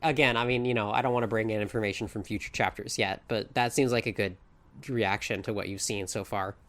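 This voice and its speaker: Woman hosting a chill podcast, measured voice, encouraging the guest to keep going. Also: extremely low pitch, steady tone. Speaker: podcast host. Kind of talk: casual chat.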